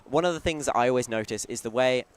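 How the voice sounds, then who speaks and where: A man's voice: medium pitch, fast, smooth. A British man chatting casually as a stream commentator, talkative and jokey, often restarting his sentences. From United Kingdom. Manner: chatty, self-interrupting, jokey. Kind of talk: casual chat.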